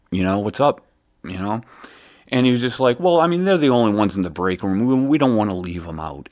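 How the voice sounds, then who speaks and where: A man hosting a show, telling a long profane story in a rambling, casual rant full of fillers. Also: on the low side. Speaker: host. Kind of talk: casual ranting monologue.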